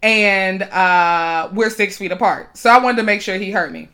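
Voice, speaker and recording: A young woman co-hosting a podcast, telling a story in casual chat, animated and emphatic, often laughing between phrases. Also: mid-range voice, moderate pace. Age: young adult. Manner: animated, emphatic, swings loud when retelling confrontations.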